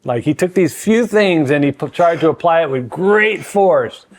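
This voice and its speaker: An older man guesting on a podcast as a mentor, speaking in an earnest, measured, emphatic way. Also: a little high, lively intonation. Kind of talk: reflective conversation.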